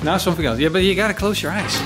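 Brief: man, slightly high voice, casual teasing barbecue host, music under. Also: rapid-fire. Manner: playful, teasing, laughs often. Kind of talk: casual chat.

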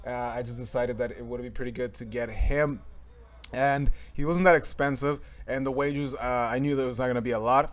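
A young man with a mid-pitched voice talks through his football video game session. He rambles, restarts his sentences and fills gaps with "uh" and "you know" in casual commentary. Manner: rambling, many fillers and restarts. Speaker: gaming commentator.

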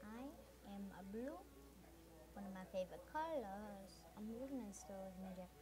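A female gamer in casual commentary, muttering to herself slowly as she plays. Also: medium pitch, expressive. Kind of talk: gameplay commentary. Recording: game noise behind.

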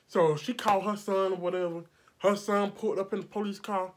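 A woman makeup artist telling a storytime vlog indoors under bright lights, blunt and profane, acting out every quote and sweating from the heat. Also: medium pitch, fairly even intonation, fairly quick, a little hiss or hum.

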